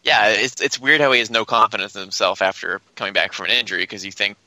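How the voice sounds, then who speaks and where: Bright-voiced man in casual sports talk. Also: on the low side, steady tone, fast talker, no room sound, low-quality recording. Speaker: podcast co-host.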